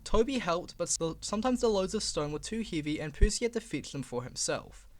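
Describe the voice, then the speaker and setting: High, lively male storyteller. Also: a little fast. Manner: lively expressive read-aloud. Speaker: reader. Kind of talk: storybook reading.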